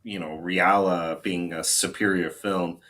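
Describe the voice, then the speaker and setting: Low-voiced man explaining on a live stream. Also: steady tone, unhurried, fairly bright tone. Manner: rambling, repeats words, unsure on pronunciation. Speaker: co-host and photography blogger.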